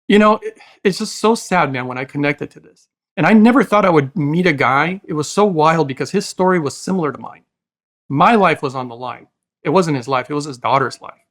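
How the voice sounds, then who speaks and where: A man's voice: fairly high pitch, fairly bright tone. Earnest, emotional man on a podcast. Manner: earnest, emotional, preachy, calls the host brother. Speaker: podcast guest. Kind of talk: casual interview talk.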